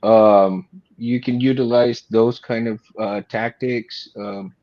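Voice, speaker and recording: This lightsaber maker talks casually on a livestream video call in a medium-pitched, steady voice. He speaks slowly and hesitantly, using plenty of fillers, and the recording's high frequencies are cut off.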